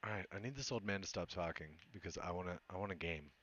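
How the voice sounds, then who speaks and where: A man's voice: low voice, quick pace, fairly bright tone, lo-fi sound, slight background noise. A young man casually commenting on a game he is playing live, joking around and swearing freely. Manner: laid-back, joking, swears, frequent laughs. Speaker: streamer.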